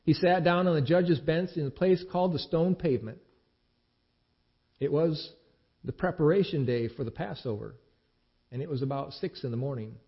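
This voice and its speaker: A man giving a dramatic scripture reading, expressive, with the quoted speech acted out. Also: on the high side, normal speed, pauses often. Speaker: scripture reader. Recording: dull lo-fi recording.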